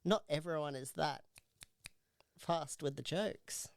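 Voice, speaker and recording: A man's voice: fairly high pitch, takes it slowly, vocal fry, no echo. A man co-hosting a podcast, chatting in an easygoing way, laughing readily and sometimes trailing off mid-thought. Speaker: podcast co-host. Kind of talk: casual podcast chat.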